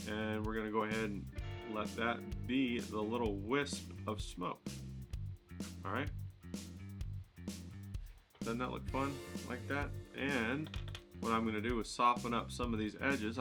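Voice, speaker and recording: A man talks through a watercolor demo in a bright, forceful voice, coaching and thinking aloud as he works. His tone is chatty and encouraging. Faint music plays under him. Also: medium pitch. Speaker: watercolor instructor. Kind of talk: painting demo narration.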